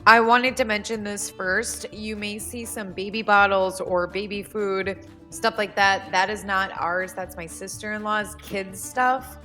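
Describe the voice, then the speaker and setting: Casual cleaning-vlog host, a woman with a mid-range voice; talks fast and chatty over soft background music. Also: medium pitch, fairly even intonation. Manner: chatty, restarts sentences, talks fast when explaining.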